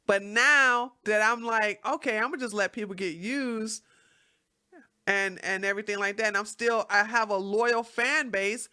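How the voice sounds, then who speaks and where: A woman's voice: medium pitch, fairly even intonation, measured pace, bright, forceful tone, smooth. A woman hosting a livestream, ranting bluntly and heatedly with lots of swearing, and stopping to read viewer comments. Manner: reads viewer comments aloud. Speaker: livestream host. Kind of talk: profane livestream rant.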